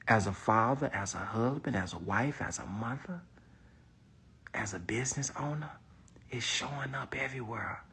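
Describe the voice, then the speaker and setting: Speaking casually to camera, an online business coach turns reflective and emphatic, occasionally almost whispering, in motivational vlog talk. His mid-range voice is husky with vocal fry.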